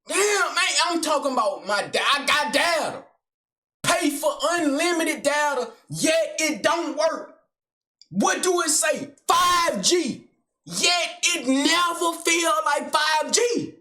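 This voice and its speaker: A man performing a furious comedy rant, shouting in heavy slang. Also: very high-pitched, lively intonation, slow, roomy sound. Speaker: sketch comedian.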